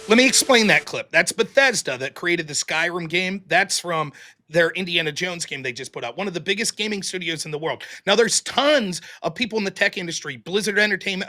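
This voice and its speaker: A man co-hosting a casual political commentary show, heated and animated. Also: sits high. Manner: animated and heated, acting out quoted voices. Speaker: co-host.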